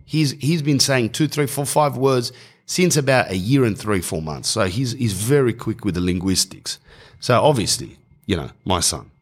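A man, telling a comic story in casual podcast chat, animated and swearing freely. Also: normal speed, slightly rough. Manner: animated, mimics people with higher voices, swears casually.

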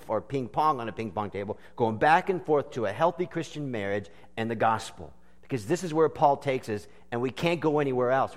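A man's voice: mid-range voice, big-room sound. A man preaching a sermon with earnest, emphatic phrasing and stretched words. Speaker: pastor.

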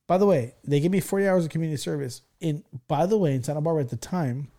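Man, from California, podcast host, casual storytelling, animated and profane, warm mellow tone, slightly high voice. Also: racing. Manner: animated, profane, keeps checking in with listeners.

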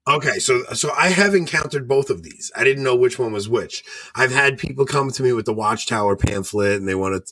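A husky-voiced man chatting casually as a podcast co-host, his pitch swinging lively up and down. He laughs often and slips into the voices of people in his stories. The sound is dry and close. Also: a little fast, hardly any pauses, dry recording. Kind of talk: casual chat.

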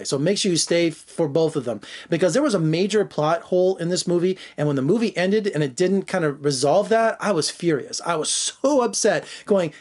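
Man, movie review vlog, excited, rambling, lots of fillers, slightly high voice. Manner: enthusiastic, rambling with many "you know" fillers. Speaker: film reviewer.

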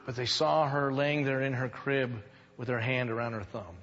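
A man's voice: mid-range voice, steady tone, normal speed, a bit bright, in a large hall, dull audio. A man preaching a sermon as pastor, conversational, with jokes and rhetorical questions. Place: church sanctuary.

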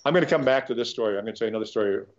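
A man's voice: medium pitch, very fast, highs cut off. A man from Nebraska, a guitarist, telling rambling stories in a casual interview, with many restarts and the occasional swear word. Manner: rambling, animated anecdotes with frequent restarts and swearing. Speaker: guitarist guest.

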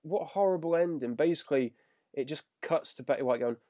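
Grumbling man, mellow voice. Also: fairly high pitch, quick pace, no room sound, clean studio sound. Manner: grumbling, exasperated critique. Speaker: podcast co-host. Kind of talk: casual episode review chat.

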